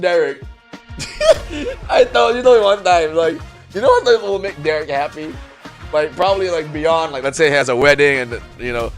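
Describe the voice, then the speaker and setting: A man, co-hosting a sports talk show and telling excitable stories with frequent laughter. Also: on the high side. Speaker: podcast co-host. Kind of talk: animated sports banter storytelling.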